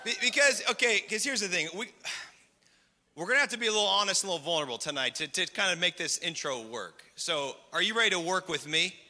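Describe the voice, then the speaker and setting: A man's voice: sits high, lively intonation, quick pace, sharp tone. A man preaching at a community gathering, joking with and questioning his audience. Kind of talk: lively sermon with crowd interaction. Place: large hall with live audience. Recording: long hall reverb.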